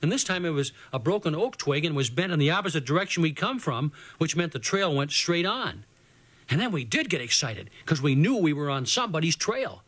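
A man with a slightly raised pitch reads a children's adventure story. He tells it in a homespun, first-person way, like a boy recounting his own day. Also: sing-song, a little fast, a bit bright, husky.

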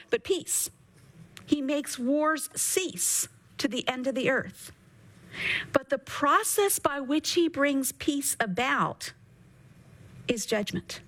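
A woman with a fairly high voice gives a radio Bible teaching. She reads the scripture slowly, leaning on each phrase, then explains it in an earnest, steady way. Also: low-quality recording. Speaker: Bible teacher and show host.

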